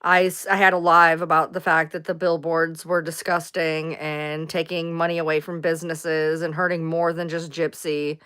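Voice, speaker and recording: A woman with a lowish, smooth, clear voice chats casually on her livestream. She rambles from one thing to the next, responds to viewers' comments and drops the odd swear word. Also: level tone, moderate pace, few pauses, fairly bright tone. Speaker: livestream host.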